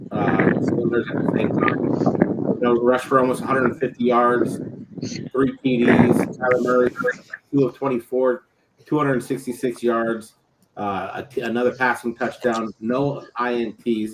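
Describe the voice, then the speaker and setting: A man's voice: mid-range voice, moderate pace, noisy background. A man hosting a sports podcast in casual chat, easygoing as he lays out game stats. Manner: steady, stat-heavy, easygoing. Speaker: podcast host.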